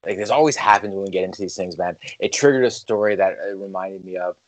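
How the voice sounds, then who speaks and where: Dry, low-voiced joking man. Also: dry recording, low-quality recording. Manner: joking, chimes in with quick questions. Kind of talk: casual podcast chat.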